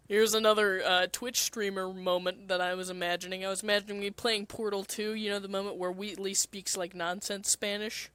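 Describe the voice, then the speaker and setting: A woman's voice: medium pitch, flat delivery, a little fast, hardly any pauses, fairly bright tone, clear, resonant tone. A woman streamer talking in a rambling, casual way and swearing now and then. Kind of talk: casual solo chat.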